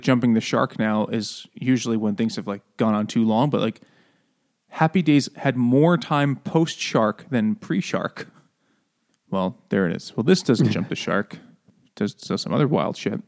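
A man's voice: mid-range voice, vocal fry, darkish tone. A man co-hosting a podcast in casual chat, rambling and joking with lots of fillers and frequent laughs. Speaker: podcast co-host.

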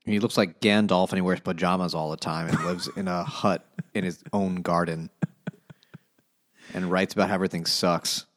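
A man's voice: low voice, fairly even intonation, normal speed, fairly bright tone. A man co-hosting a casual comedy book podcast, tossing in dry, wisecracking asides. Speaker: podcast co-host.

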